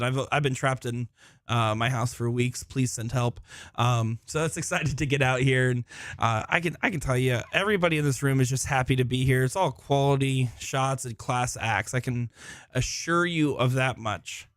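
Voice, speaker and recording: Casting: man, mid-pitched, chatty, self-deprecating live darts commentator, dry close mic. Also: fairly bright tone, no echo. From Florida. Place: busy indoor tournament hall.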